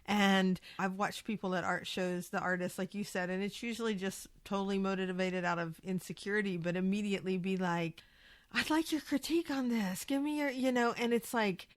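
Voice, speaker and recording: A woman's voice: medium pitch, dry recording. Laughing, emphatic woman podcast co-host. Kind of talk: casual podcast chat.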